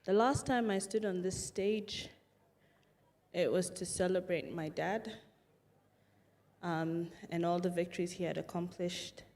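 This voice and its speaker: A woman giving a formal tribute at her father's funeral, composed and measured. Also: fairly low pitch, fairly even intonation, a little mellow. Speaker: eulogy speaker, daughter of the deceased.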